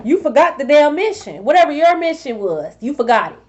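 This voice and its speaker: Woman, tarot reader, sassy, profane, scolding, higher voice, lo-fi audio. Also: sing-song, a little fast, a little mellow. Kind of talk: confrontational spiritual vlog monologue.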